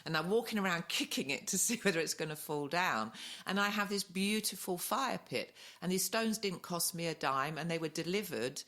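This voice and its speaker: A woman's voice: lowish voice, lively intonation, moderate pace, hardly any pauses, fairly bright tone. A middle-aged woman co-hosting a podcast, telling a story in casual chat and laughing often. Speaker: podcast co-host.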